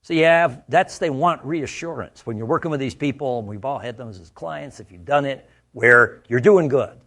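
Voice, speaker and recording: A US man talks briskly in a mid-range voice during a conversational training talk, telling stories and repeatedly tossing in "right?" The audio comes from a studio microphone.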